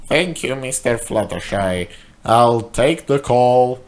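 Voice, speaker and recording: Pompous, condescending male mogul, slow and deliberate, read by a man doing the voices. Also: mid-range voice, lively intonation. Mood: smug. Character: smug all-powerful male corporate boss.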